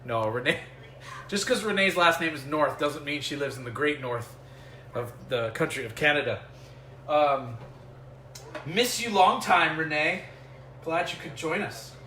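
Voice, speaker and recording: Cooking indoors at home, a US man hosts a casual vlog, joking, talking to live chat and thinking out loud as he works. His voice is a bit high and sharp at a moderate pace, caught by a distant mic in an echoey room with a little hiss or hum, and he occasionally wanders away from it.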